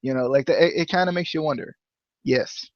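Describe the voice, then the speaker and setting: A man's voice: medium pitch, fairly quick, no echo, muffled recording. A man hosting a casual wrestling review podcast, rambling with lots of fillers, restarts and laughter. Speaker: podcast host.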